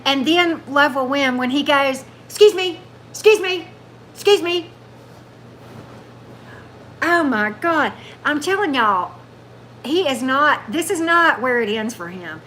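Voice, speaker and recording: A woman's voice: sits high, sharp tone, slight background noise, poor audio. A woman hosting a tarot livestream, chatting loosely and answering viewer comments as they come in. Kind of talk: casual livestream chat with viewers.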